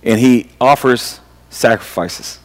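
A man's voice: mid-range voice, takes it slowly, big-room sound, low-quality recording. A man preaching a sermon in a conversational way, often restarting his sentences and asking his listeners questions. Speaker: pastor.

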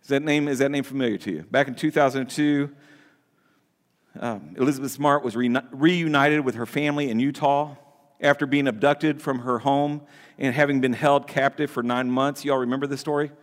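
A man's voice: mid-range voice, steady tone, moderate pace. A man preaching a sermon as a pastor, talking conversationally, restarting words and asking the congregation questions. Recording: long hall reverb.

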